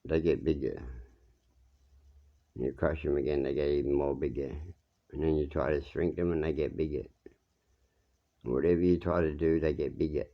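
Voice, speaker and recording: A man rambles through jokey stories, one tangent after another. His very low voice has a gravelly, creaky edge. The recording is dull and muffled, like an old lo-fi tape. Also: steady tone, moderate pace, long pauses. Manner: meandering, jokey, drifts between tales. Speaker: monologue speaker. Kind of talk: rambling storytelling.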